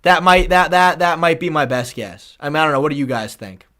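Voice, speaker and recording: A man's voice: fairly high pitch, animated, fairly quick, pushed and bright. A man chatting casually on a live stream, rambling, swearing freely and thanking viewers.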